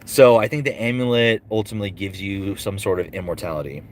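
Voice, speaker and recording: A man who is a voice actor and streamer, answering chat comments aloud in a relaxed livestream Q&A full of fillers. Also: on the low side, fast, slight background noise.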